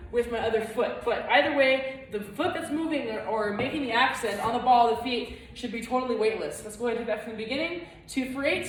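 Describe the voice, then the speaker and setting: A woman with a fairly high voice teaches flamenco footwork, counting beats out loud while she dances. She sounds far from the mic in a very echoey room. Loud music plays behind her. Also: fairly quick, few pauses. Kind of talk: online dance lesson.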